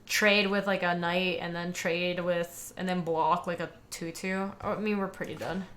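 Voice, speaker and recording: A woman's voice: lowish voice, flat delivery, moderate pace, fairly bright tone. A young woman giving casual commentary on a card game, chatting with viewers as she plays. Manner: chatty, talks to viewers and chat while playing. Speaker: streamer playing a card game.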